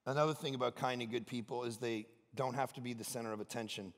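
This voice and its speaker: A middle-aged male pastor, preaching a sermon with animated storytelling and loud bursts of self-mocking humor. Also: medium pitch, fast, vocal fry. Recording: reverberant hall.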